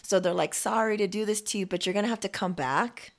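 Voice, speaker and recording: A woman co-hosting a podcast, telling a story in casual chat with lively, profane asides and acted-out quotes. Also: mid-range voice, fast talker. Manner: animated storytelling, lots of swearing and acted-out quotes. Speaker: podcast co-host. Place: home. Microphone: remote recording.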